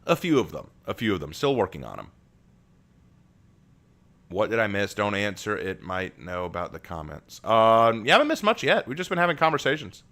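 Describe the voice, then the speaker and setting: Male streamer, casual live chat, bright tone, jokey and quick to laugh. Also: lowish voice, big pitch swings. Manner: chatty, joking, laughs often, restarts words.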